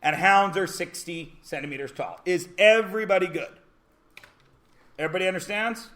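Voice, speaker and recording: A man teaching a math class, lecturing with loud jokes and rants that break into shouts. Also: sits high, moderate pace.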